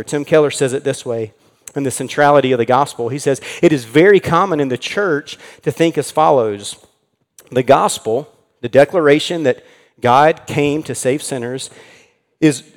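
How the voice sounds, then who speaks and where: A man preaching an earnest sermon in a church, slowing down to stress key words. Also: fairly high pitch, long reverb tail. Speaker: pastor.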